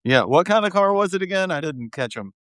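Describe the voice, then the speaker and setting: A man's voice: high voice, lively intonation, a little fast, fairly bright tone, dry recording. A man co-hosting a casual pop culture recap podcast, with wry, easygoing banter. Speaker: podcast co-host.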